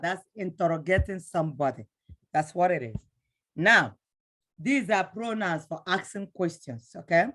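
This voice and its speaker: A middle-aged woman teaching a language lesson, slowly and patiently repeating words for her learners. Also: lowish voice.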